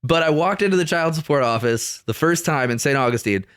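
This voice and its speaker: A man co-hosting a podcast, telling long, profane, animated stories in casual chat. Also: on the high side, brisk, clear, resonant tone, no echo, studio quality. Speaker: podcast co-host.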